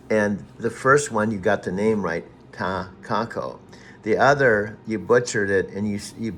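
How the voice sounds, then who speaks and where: Man, low voice, casual chat, drawn-out syllable breakdowns, audibly frustrated. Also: fairly bright tone, a little hiss or hum. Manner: slow, patient syllable-by-syllable spelling, growing exasperated. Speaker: user talking to an AI assistant.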